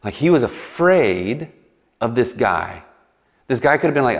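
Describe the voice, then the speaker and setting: A man preaching a casual sermon in a conversational way, acting out quick voices and animated asides. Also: medium pitch, vocal fry. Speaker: pastor. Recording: long hall reverb.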